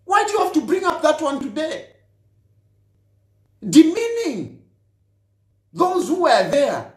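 A man's voice: very high voice, sing-song, takes it slowly, echoey room. A man, a politician, gives a heated, accusatory monologue straight at his listener and hammers his points by repeating them. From Zambia. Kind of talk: impassioned direct-address monologue.

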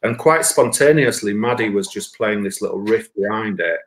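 A man telling a rambling, sweary personal anecdote, jumping up loud when he quotes himself. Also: fairly low pitch, normal speed, a little hiss or hum. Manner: sweary, animated, rises to shouts when quoting himself. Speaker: storyteller. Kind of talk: casual anecdote.

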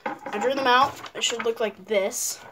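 A woman's voice: fairly high pitch, fairly even intonation, unhurried, noisy background. A woman hosting a casual paper-craft tutorial at home, chatty and playful, with rambling asides. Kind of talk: casual how-to narration.

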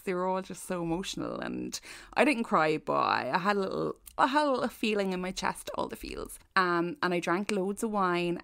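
An Irish woman co-hosting a podcast, chatting casually and telling stories with plenty of swearing. Her voice sits a little low for a woman. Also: creaky, smooth. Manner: chatty, swearing, lively storytelling. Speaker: podcast co-host. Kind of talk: casual chat.

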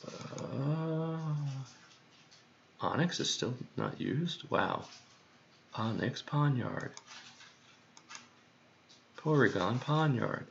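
A man's voice: mid-range voice, lively intonation, very slow, gravelly, long pauses, a little hiss or hum. A man thinking aloud while he works, muttering to himself and repeating words over and over. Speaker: creator working on a song. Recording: dull lo-fi recording.

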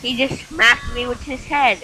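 A young woman giving excited gameplay commentary, yelping and shouting at the game as she plays. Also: a little high, measured pace. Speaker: gamer. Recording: faint game music behind.

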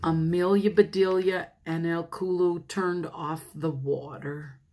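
A woman pastor reading a picture book aloud to children, animated, laughing often and talking to her listeners. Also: fairly low pitch, slow.

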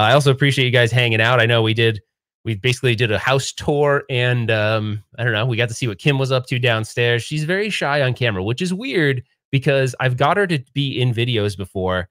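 A man's voice: mid-range voice, a bit bright. A man in his forties hosting a casual livestream, rambling in an upbeat way and often trailing off and restarting his sentences. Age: 40s. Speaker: livestream host.

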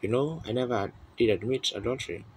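A preacher, a man, carries a congregation through a long story in an earnest, rambling way, stopping and starting his sentences and then pressing on. His voice sits at an ordinary middle pitch. A faint hiss of old tape runs behind him in the church. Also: brisk, low-quality recording. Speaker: pastor. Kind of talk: sermon. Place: church tabernacle.

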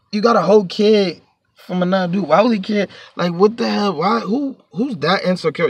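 A man's voice: high voice, vocal fry, breathy edge, no echo. A man telling a storytime to his vlog audience in a heated, profane, rambling rant, sitting a bit back from the mic.

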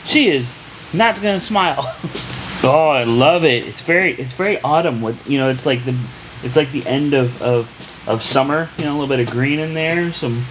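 A man's voice: medium pitch, moderate pace, noisy background. A man filming a home vlog, cheerfully coaching his daughter through a painting activity with short repeated cues. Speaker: vlogger and father. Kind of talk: casual vlog, coaching a child through art. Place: home, indoors.

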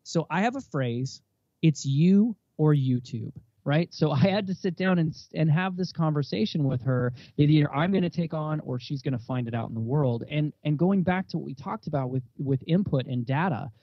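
A man's voice: a little high, normal speed, no room sound. Emphatic thirty-something man, dull lo-fi. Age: 30s. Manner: emphatic, animated, preachy bursts. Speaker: podcast guest, parent. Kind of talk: casual interview talk.

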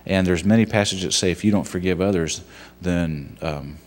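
A man giving a conversational sermon and reading scripture, talking in a halting way with frequent restarts and asides. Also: low voice, big-room sound. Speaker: guest preacher, son of the pastor. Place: church sanctuary.

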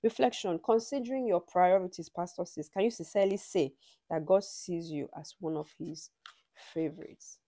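Woman, devotional teacher, conversational delivery, gravelly tone, dry close sound. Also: on the low side, normal speed, warm tone, no room sound. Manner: conversational, frequent "you know" asides.

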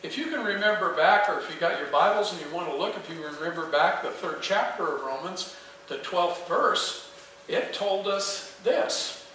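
A man's voice: high-pitched, expressive, normal speed, bright, forceful tone, slight background noise. A man preaching a sermon as pastor, earnest and emphatic, asking the congregation questions. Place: small church sanctuary. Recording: echoey church heard from a distance.

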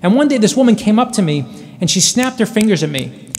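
A man in his forties gives a commencement address in a notably high-pitched, darkish voice, telling his stories earnestly and with dramatic pauses. He is very animated, and the long reverb of a large hall rings around him.

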